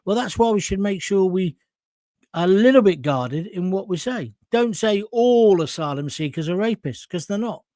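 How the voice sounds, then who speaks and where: A man's voice: high voice, expressive, moderate pace, warm tone, no room sound, clean studio sound. Blunt man hosting a live stream. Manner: blunt, emphatic and opinionated, with mild swearing. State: hot and sweaty. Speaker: host of a live current-affairs stream. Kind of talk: live-stream talk, reading and answering viewer comments.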